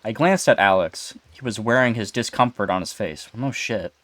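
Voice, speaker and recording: A man's voice: fairly low pitch, normal speed, a bit bright, no echo. A man casually reading a spooky internet story aloud, sometimes stumbling over words and chatting with a co-reader. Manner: stumbles over words and asks about them.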